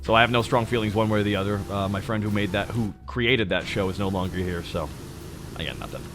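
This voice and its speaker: A man in his thirties talks with his live chat in a deep, low voice, sitting close to the microphone. He teases and jokes in a loose, casual way. Music plays clearly behind him. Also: quick pace. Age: 30s. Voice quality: naturally deep voice. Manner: joking, teasing, talks straight to chat. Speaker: VTuber streamer.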